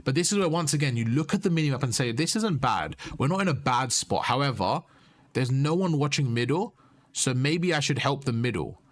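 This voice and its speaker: A man's voice: mid-range voice, expressive, a little fast. A man coaching a player over their gameplay footage, explaining positions and repeating his key points. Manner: instructive, repeats key points, asks "you see?".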